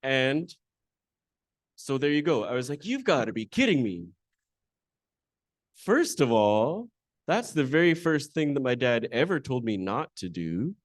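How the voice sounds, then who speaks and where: A man's voice: mid-range voice, big pitch swings, a little slow, no echo, studio quality. A man emceeing a conference, introducing a panel and then telling a candid, self-deprecating personal story to a live audience in a conversational way. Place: conference hall.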